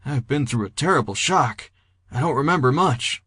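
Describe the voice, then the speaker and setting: A man's voice: medium pitch, animated, moderate pace, bright, forceful tone, slightly rough, no echo, studio quality, voice pushed up. A man voicing a confused, politely formal character with old-fashioned speech. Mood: bewildered.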